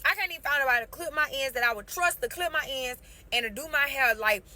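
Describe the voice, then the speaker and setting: A woman's voice: high-pitched, fast talker, sharp tone. A woman venting casually to camera in an exasperated, slangy rant.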